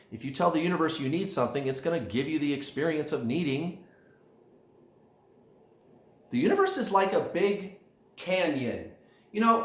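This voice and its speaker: Male spiritual coach, emphatic, lively pitch swings, echoey room. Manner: animated, emphatic, addresses viewers as guys. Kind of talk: direct-to-camera coaching talk.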